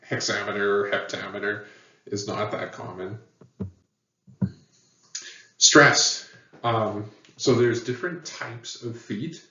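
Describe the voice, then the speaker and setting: A man teaching a lesson in a plain, patient way, pausing often with fillers. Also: fairly low pitch, pushed and bright. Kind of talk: explanatory lecture. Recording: echoey, dull, far from mic.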